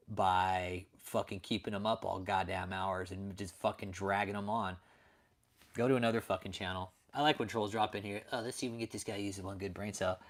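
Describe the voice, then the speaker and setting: A man hosting a late-night livestream, ranting profanely and answering viewers in chat. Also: fairly low pitch. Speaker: livestream host.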